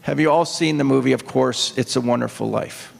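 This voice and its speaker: Long hall reverb carries the gravelly voice of an older man, a retired naval officer addressing a book event from an opera house stage. Mid-range and a little fast, he tells a personal story with earnest emotion, climbing into acted quotes.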